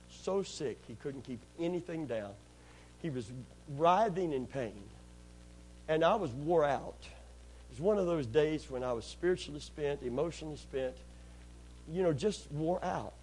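A man's voice: on the high side, warm tone, a little hiss or hum, rough recording. A man preaching a sermon, telling a personal story earnestly, repeating phrases and calling out amen.

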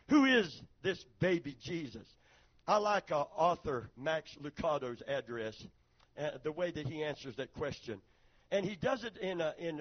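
A man's voice: on the high side, lo-fi sound. A man preaching a sermon as pastor, calling on the congregation to respond and reading a story aloud with dramatic rises.

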